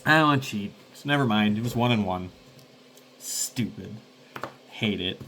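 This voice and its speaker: A man's voice: on the low side, normal speed, noisy background. Rambling man thinking aloud. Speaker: solo game player and host. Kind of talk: casual solo tabletop play-through.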